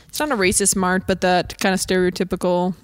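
A woman chatting casually and jokily on a podcast, laughing often and guessing quickly. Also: lowish voice, little pitch movement, no room sound, studio quality. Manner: giggly, jokey, quick guesses. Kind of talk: casual chat.

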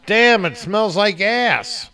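A man's voice: high-pitched, expressive, slow, a crowd in the background. A man hosting a podcast with crude, joking banter among friends. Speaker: podcast host. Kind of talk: casual banter.

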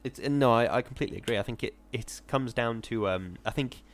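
A man in relaxed podcast chat, trailing off and hedging as he thinks aloud. His voice sits at an ordinary middle pitch, and his delivery is warm-hearted and meandering, with a habit of stacking small qualifiers. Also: a little fast. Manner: rambling, hedging with "sort of", gentle enthusiasm. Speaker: podcast co-host. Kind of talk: casual chat.

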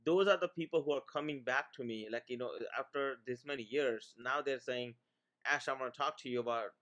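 A man's voice: medium pitch, a little fast, fairly bright tone. A middle-aged man from India, a financial planner, talking as a guest in a casual interview, rambling with many restarts.

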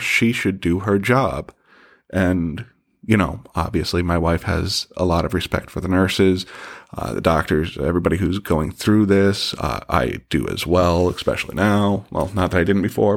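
A middle-aged man with a very low voice hosts his own podcast and tells a personal story casually. He is candid and joking and swears freely. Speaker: podcast host.

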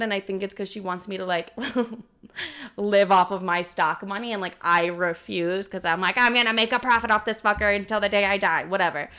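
A young woman tells a story to her viewers in a loose, chatty vlog voice. She swears often and fills her sentences with "like." Her pitch sits in a middle range. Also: sharp tone, smooth. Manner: chatty, swears freely, leans heavily on "like". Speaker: vlogger.

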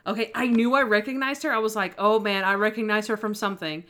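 A young woman in casual chat, retelling TV episodes with quick acted-out lines. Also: mid-range voice, steady tone, sharp tone. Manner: chatty retelling of TV scenes, acting out lines.

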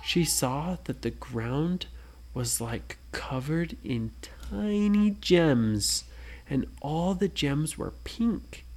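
A parent improvising a bedtime story, speaking softly and often asking the listener questions. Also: mid-range voice, animated, drawn-out words. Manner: soft, hushed, asks listener questions.

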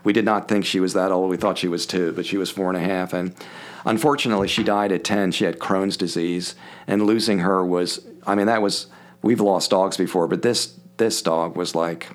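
An older man from Philadelphia, a podcast guest, telling stories in a casual, animated way and acting out the voices of people he quotes. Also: low-pitched, normal speed. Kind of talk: casual storytelling.

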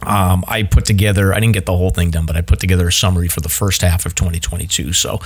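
A man's voice: sits low, level tone, quick pace, husky. A man hosting a hiking podcast in casual chat, loose and chatty with many fillers and restarts. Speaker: podcast host.

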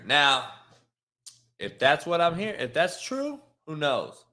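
A man's voice: medium pitch, sing-song, a little slow, pushed and bright. A man hosting a casual sports talk stream, swearing freely and talking straight to his viewers in a fired-up rant. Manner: profane, fired-up, talks straight to the chat. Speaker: sports talk show host.

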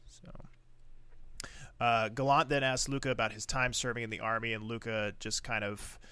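A man's voice: mid-range voice, little pitch movement, normal speed, bright, forceful tone, clear, resonant tone, dry recording. A man co-hosting a podcast, recapping a TV episode in blunt, crude, laughing casual chat. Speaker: podcast co-host.

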